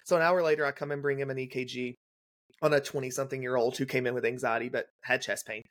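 A man's voice: mid-range voice, fairly even intonation, fairly bright tone. Man telling a clinical story in detail. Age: young adult. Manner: detailed, brisk clinical storytelling, acts out quoted dialogue. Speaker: guest, legal nurse consultant. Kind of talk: casual storytelling in a podcast interview.

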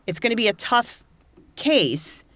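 A woman co-hosting a casual true-crime podcast, telling the story in an animated way, swearing freely and acting out what people said. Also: on the high side, unhurried.

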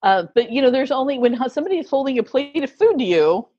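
Woman, husky voice, higher pitch, muffled recording, casual storytelling, laughs often. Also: animated, fast. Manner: laughs often while telling stories. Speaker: guest.

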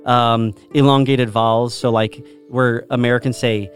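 A man's voice: medium pitch, fairly even intonation, a little slow, soft background music. A man hosting a podcast, explaining at length in casual chat and demonstrating pronunciations. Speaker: podcast host.

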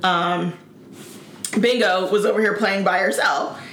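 A woman's voice: mid-range voice, unhurried. A woman in her thirties in casual podcast chat, telling stories with laughs and sung-out bits. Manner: laughing, animated storytelling. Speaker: podcast co-host. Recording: echoey room.

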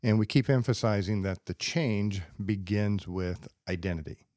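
A man hosting a podcast alone as a psychologist, explaining ideas step by step in a steady, lecturing way. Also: fairly low pitch, normal speed, no room sound, studio quality. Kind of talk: casual solo podcast talk. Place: podcast studio.

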